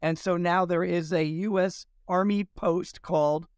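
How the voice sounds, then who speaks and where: A male historian telling lively anecdotes in an interview, acting out quoted dialogue as he goes. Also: sits high, unhurried, clean tone, dry recording, studio quality. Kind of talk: storytelling in an interview.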